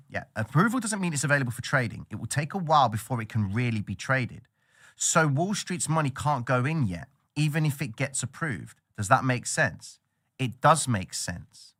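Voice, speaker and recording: Guy on a trading livestream, bright voice, excitable and slangy. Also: mid-range voice. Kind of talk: casual market commentary.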